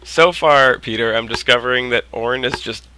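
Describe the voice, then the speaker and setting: A man's voice: medium pitch, normal speed, bright, forceful tone, slight background noise. A man streaming a game, chatting casually with lots of "like" and "uh" fillers. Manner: rambling, lots of likes and uhs, drops to a mutter. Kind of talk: casual gaming stream chat.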